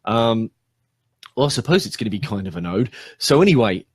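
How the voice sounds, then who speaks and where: A man's voice: lowish voice, very animated, brisk, breathy edge, no room sound, clean studio sound. An Australian man hosting a casual live stream for his podcast, chatting and rambling with lots of ums as he thanks his listeners. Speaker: podcast host.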